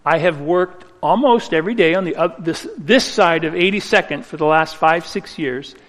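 A man's voice: fairly high pitch, fairly bright tone. Earnest man preaching in a reverberant hall. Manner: earnest storytelling, emphatic slow phrasing. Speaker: pastor. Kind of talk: sermon.

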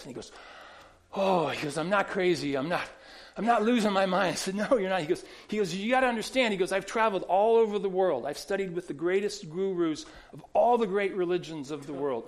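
A man pastor preaching a sermon, telling stories conversationally with many restarts and repeated words. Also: high-pitched.

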